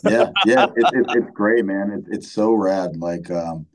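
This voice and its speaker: A man's voice: fairly low pitch, measured pace, rough recording. A middle-aged man talking casually as an interview guest, laid-back and full of fillers, often saying "man". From Michigan, United States. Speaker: band member, interview guest.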